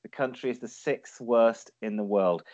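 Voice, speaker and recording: A man's voice: mid-range voice, normal speed, darkish tone. A man hosting a quiz on a casual podcast, joking and correcting himself as he goes. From Ireland. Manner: jokey, self-correcting quizmaster. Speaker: podcast co-host running a quiz. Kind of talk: casual chat. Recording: dull lo-fi audio.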